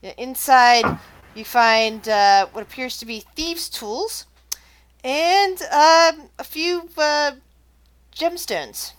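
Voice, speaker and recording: A woman's voice: high voice, takes it slowly. A woman narrating as game master of a tabletop game, chatty and loose, with lots of fillers.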